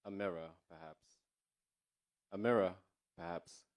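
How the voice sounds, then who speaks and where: A man's voice: low-pitched, unhurried. A man in the audience asking a question, hesitant and tentative, often trailing off.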